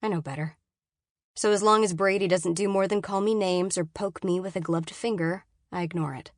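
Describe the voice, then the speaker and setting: A woman with a fairly low voice narrates a novel in first person, measured and often dropping to a hushed, inward tone. The recording is dry and close, with no room sound around her. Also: steady tone, no echo. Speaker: audiobook narrator.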